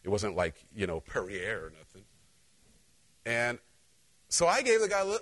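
Speaking at a normal speed with frequent pauses, this male pastor delivers an animated, conversational sermon in a medium-pitched voice. He shares personal stories and addresses his congregation directly.

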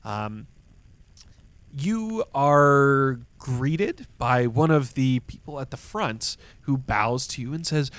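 A man narrating as game master of a tabletop role-playing game, describing scenes at length with many fillers and pauses. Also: mid-range voice, expressive, clear, resonant tone, dry recording.

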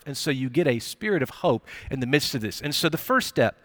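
A young man preaching a sermon in a church, talking in a conversational, animated way with playful asides. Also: mid-range voice, brisk, no room sound, studio quality. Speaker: pastor. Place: church auditorium.

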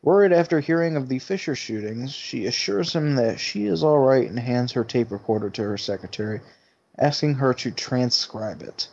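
A man co-hosts a podcast and retells a movie plot in a relaxed, chatty way. He swears casually and laughs often. The audio is slightly dull and lo-fi. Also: medium pitch, moderate pace, creaky. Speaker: podcast co-host.

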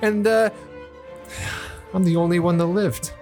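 A short, brash dwarf woman with a put-on accent, voiced by the game master. She is loud, crude and affectionate, and cracks bawdy jokes in a tabletop game. There is faint music behind her. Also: mid-range voice, steady tone, measured pace, voice pushed up, natural voice. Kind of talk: voicing a character in a tabletop game.

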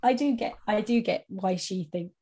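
A woman's voice: medium pitch, moderate pace, mellow. A woman co-hosting a book podcast, chatting casually and hesitantly. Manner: hesitant, filler-heavy. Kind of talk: casual chat.

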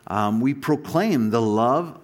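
A man's voice: mid-range voice, expressive, takes it slowly. A man preaching a sermon, telling stories animatedly with frequent restarts and asides. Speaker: pastor.

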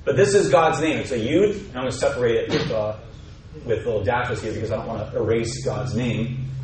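A man at mid pitch teaches a Bible study. He reads verses aloud with care, then explains them in a loose, conversational way. Faint background noise sits under the voice. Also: brisk, echoey room. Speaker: teacher at a messianic fellowship.

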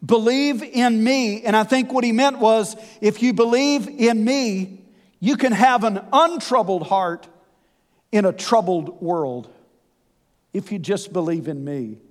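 A man preaching a sermon, folksy and animated with conversational asides. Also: sits high, unhurried. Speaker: pastor. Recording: long hall reverb.

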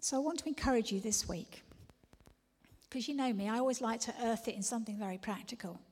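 Breathy woman preaching in a hall. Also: on the high side, fast, a little mellow. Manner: earnest, shifting between whispered intensity and emphatic declarations. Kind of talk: sermon. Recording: long reverb of a large hall.

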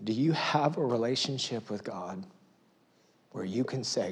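A middle-aged male pastor preaching a sermon in a church, dropping to near-whispers and rising to loud, emphatic pleas. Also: mid-range voice, animated, a little slow, husky. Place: church auditorium.

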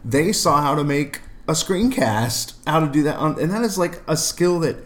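A young adult man, a middle school math teacher, chatting casually with a relaxed storytelling manner. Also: a little high, moderate pace. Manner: relaxed storytelling, many fillers. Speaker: math teacher and podcast co-host. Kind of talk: casual chat.

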